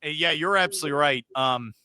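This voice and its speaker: A man hosting a casual sports podcast, animated and joking with his guest. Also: a little high, clear, resonant tone, dry recording, clean studio sound. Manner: animated, joking, quick asides. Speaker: podcast host.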